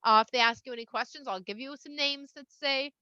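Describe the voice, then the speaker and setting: A woman's voice: sits high, fairly quick, sharp tone, no room sound. A woman voicing God as a casual, chatty, reassuring figure in a retold story, on a dull, slightly lo-fi recording. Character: God, a casual, patient, all-powerful voice.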